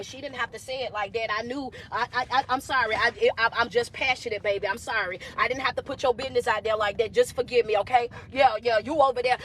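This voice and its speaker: High-voiced woman preaching motivation. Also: a bit bright. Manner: preachy, repetitive, call-and-response, calls viewers baby. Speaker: motivational speaker. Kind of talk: livestream motivational talk.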